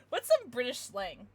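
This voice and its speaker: A young woman livestreaming, chatting casually and giggling with her chat, thanking followers. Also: fairly high pitch.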